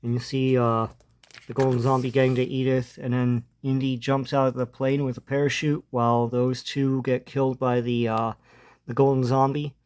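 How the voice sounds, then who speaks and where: A man's voice: mid-range voice, level tone, normal speed, darkish tone, clear, resonant tone. A man casually retelling a comic book story, hesitant and full of ums and uhs. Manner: hesitant, lots of ums and uhs, chuckles now and then.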